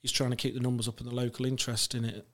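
Guest voice: man, flat delivery, rambling storyteller with lots of fillers. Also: mid-range voice, rapid-fire. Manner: rambling, many fillers and restarts, laughs while telling stories. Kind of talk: casual chat, telling anecdotes.

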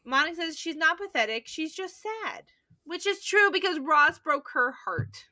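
A woman's voice: high-pitched, animated, moderate pace, bright, forceful tone. A woman co-hosting a podcast, recapping a sitcom episode in casual chat and laughing often as she narrates. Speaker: podcast co-host.

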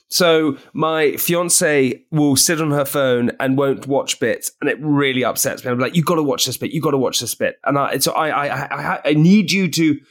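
Excitable man telling stories. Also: fairly high pitch. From England. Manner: excitable, animated storyteller with bursts of laughter. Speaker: podcast guest. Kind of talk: casual chat.

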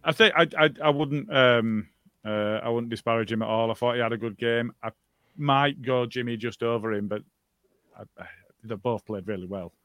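A man's voice: mid-range voice, moderate pace, fairly bright tone, no room sound. A man hosting a football podcast, reading out listener comments and dropping wry, dry remarks along the way. His voice sounds close and dead, with no room around it. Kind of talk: casual football podcast chat.

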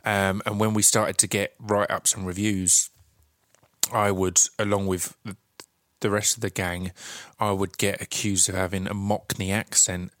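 A man with an Essex accent talks casually through his podcast intro. His voice sits a little low and comes across dry and close. He rambles along, with plenty of ums and restarts. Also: flat delivery, unhurried, fairly bright tone, no room sound. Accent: Essex English. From Essex, England. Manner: chatty and rambling, with many fillers and restarts. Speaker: podcast host.

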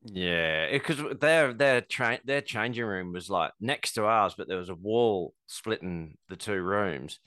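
A man's voice: on the low side, expressive, measured pace, hardly any pauses, pushed and bright, dry recording, studio quality. A man, a podcast co-host and fighter, rambling casually through a story with many filler words.

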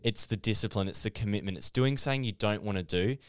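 A young adult man co-hosting a podcast, explaining his points in an earnest, fast, conversational way. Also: lowish voice, clear, resonant tone, dry recording. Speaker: podcast co-host. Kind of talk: casual podcast chat.

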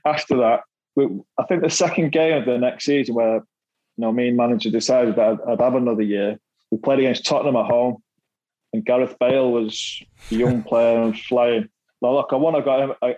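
A middle-aged man tells stories from his playing days in easy podcast chat. He chuckles through his lines, repeats words as he goes and swears now and then. His voice sits at a middle pitch, recorded dry and close. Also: darkish tone, no room sound, lo-fi sound. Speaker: podcast guest, former footballer. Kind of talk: casual storytelling chat.

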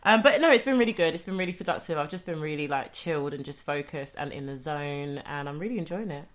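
Low-voiced young woman, joking. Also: expressive, quick pace. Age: young adult. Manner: joking, laughs often, trails off into soft asides. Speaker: podcast co-host. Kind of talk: casual chat.

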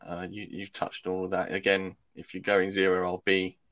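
A man's voice: deep voice, completely flat delivery, moderate pace, a bit bright. A British man co-hosting a fantasy football podcast, chatting in a dry, laid-back, joking way. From Britain. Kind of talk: casual sports chat.

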